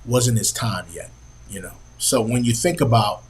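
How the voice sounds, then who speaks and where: A middle-aged man hosting a podcast, telling a family story in an earnest, halting way with many pauses and fillers. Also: medium pitch, poor audio. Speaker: podcast host. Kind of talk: personal storytelling.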